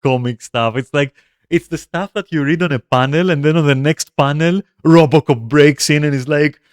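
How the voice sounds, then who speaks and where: A man's voice: fairly high pitch, normal speed, no echo, studio quality. Rambling, swearing man streaming a game. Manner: rambling, profane, with frequent fillers. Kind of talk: casual gameplay commentary.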